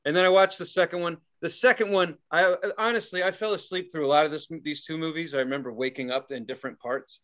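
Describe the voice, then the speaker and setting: A man co-hosting a podcast, telling stories in casual chat, laughing often and yelling out quoted lines. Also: a little high, fast, few pauses. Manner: animated storyteller, laughs and yells quoted lines. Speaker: podcast co-host.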